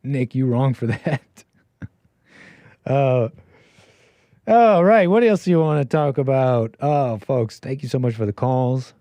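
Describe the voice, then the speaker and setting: A man's voice: unhurried, dry recording. Jokey male call-in host, dry close mic. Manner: jokey, rambling, swings loud and high for emphasis. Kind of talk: casual livestream talk.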